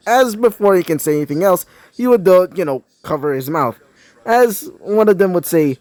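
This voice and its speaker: A man's voice: high voice, lively intonation, normal speed, a little mellow, no echo. A man improvising a fan-fiction story, rambling with many fillers and self-corrections.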